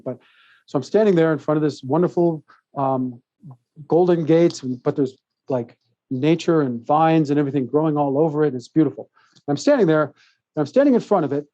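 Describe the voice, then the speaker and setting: A man guest on a podcast, telling a long personal story in a rambling, animated way, laughing often and restarting his sentences. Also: fairly high pitch, no room sound, dull audio. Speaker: podcast guest, author and speaker. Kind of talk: casual interview storytelling.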